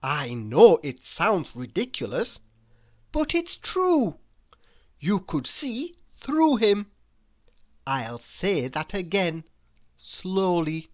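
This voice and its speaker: Children's read-aloud storyteller, female; unhurried and bouncy, playful and teasing with the listener. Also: fairly low pitch, sing-song.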